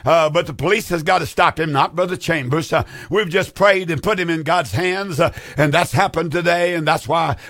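A man's voice: a little high, normal speed, few pauses, fairly bright tone, no echo, studio quality. A male pastor, preaching fervently on a radio call-in program in a sing-song drawl, repeating his rhetorical questions.

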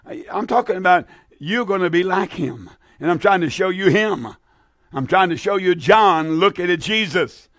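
A man delivers a fervent radio sermon with a somewhat high-pitched voice, stumbling and repeating himself as his excitement builds. The sound is dry and close to the mic, with no room around it. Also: moderate pace, no echo. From American South. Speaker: radio preacher.

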